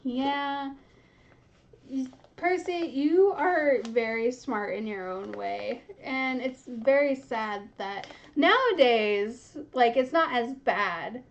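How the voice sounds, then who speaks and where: Young woman chatting about a book she's rereading, giggly, slow-ish pace, dull lo-fi sound. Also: high voice, lively intonation. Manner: giggly, chatty, often laughing mid-sentence. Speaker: book reaction host. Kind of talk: casual reading reaction chat.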